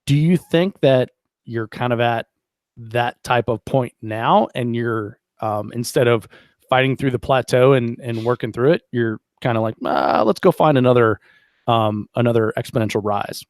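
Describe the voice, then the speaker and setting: A man hosting a casual podcast interview, relaxed and chatty, reading out listener comments and asking long questions. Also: mid-range voice, moderate pace, dry recording. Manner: relaxed, chatty, reads live chat aloud. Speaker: podcast host.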